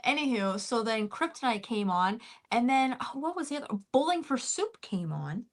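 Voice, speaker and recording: A woman's voice: fairly high pitch, sing-song, normal speed. A woman co-hosting a casual podcast chat, telling a story with many fillers and restarts. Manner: chatty, filler-heavy, many "anywho" and "um". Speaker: podcast co-host.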